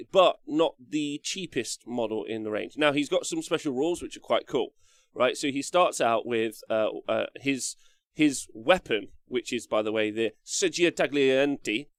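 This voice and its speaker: A man hosting a live stream, cheerful and chatty as he thanks viewers by name. His voice carries a gravelly fry at mid pitch. The sound is dry and close to the mic. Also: a little slow, no echo. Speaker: wargaming stream host.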